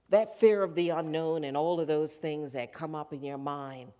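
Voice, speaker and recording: A minister preaching in a church and telling a story to the congregation. The delivery is animated, and the preacher acts out the voices of the characters in the story. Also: mid-range voice. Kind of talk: sermon. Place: church sanctuary.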